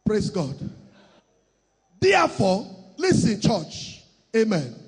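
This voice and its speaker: A man preaching a sermon, shouting and half-singing in bursts, mocking others in put-on voices. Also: high voice, wildly swooping pitch, slow pace, husky, long reverb tail.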